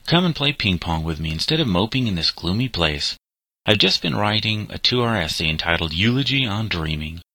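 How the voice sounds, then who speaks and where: A man voicing a teenage boy who is brisk, impatient and teasing toward his sister. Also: lowish voice, animated, bright, forceful tone, no echo, full character voice. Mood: eager.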